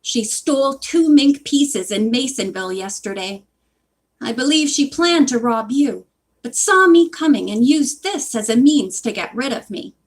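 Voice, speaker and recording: A woman's voice: fairly high pitch, animated, measured pace. A woman voicing a bold young girl detective in a storybook reading, with an urgent, forthright manner. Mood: explaining.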